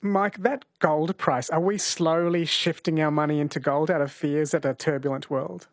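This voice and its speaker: A man's voice: a little high, steady tone, moderate pace, dry recording, clean studio sound. A man hosting a talk radio program, introducing segments and chatting with guests in a friendly, easy manner. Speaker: radio host.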